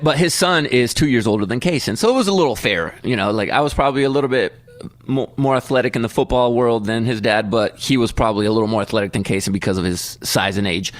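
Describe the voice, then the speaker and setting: A man's voice: mid-range voice, fast, no room sound. A man in his thirties, a podcast co-host telling a long story in casual chat and acting out the voices in his quotes.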